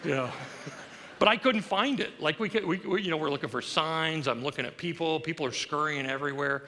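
A man's voice: fairly high pitch, brisk, sharp tone. A middle-aged male pastor preaching a sermon, telling a story with humor and self-deprecation. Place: church sanctuary. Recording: long reverb of a large church hall.

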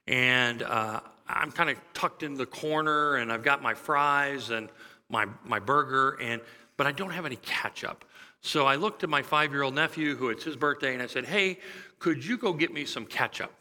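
Bright-voiced pastor preaching in a hall. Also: male voice, mid-range voice, normal speed. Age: middle-aged. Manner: conversational storytelling, lively and chuckling. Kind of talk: sermon. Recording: long hall reverb.

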